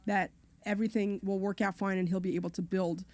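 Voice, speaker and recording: A woman's voice: mid-range voice, little pitch movement, fairly quick, darkish tone, dry recording. Chatty lady co-hosting a call-in show, tells long rambling stories, dry mic. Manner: chatty, long-winded storytelling. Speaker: co-host. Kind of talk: casual radio talk.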